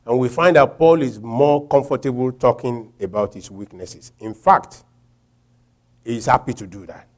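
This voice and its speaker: Animated Nigerian man preaching. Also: medium pitch. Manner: animated storytelling, laughing, shouting when acting out quotes. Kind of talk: sermon with a personal story.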